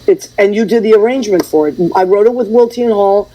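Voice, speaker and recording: A woman hosts a relaxed radio chat, telling lively stories and acting out what people said. Her voice is mellow and a little husky. She talks the way friends do over a table. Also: mid-range voice, fast talker, poor audio. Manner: animated storyteller, acts out quotes. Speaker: host.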